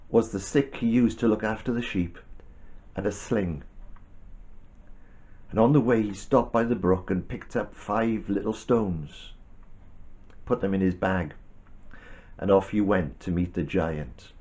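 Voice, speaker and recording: A man telling a Bible story to a child in a gentle, animated way with chatty asides. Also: deep voice, lo-fi sound.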